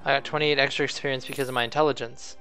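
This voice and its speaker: A young man hosting a co-op game session, reacting excitably to the action and chatting casually. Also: medium pitch, racing, soft background music. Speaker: gaming channel host. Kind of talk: casual gaming commentary.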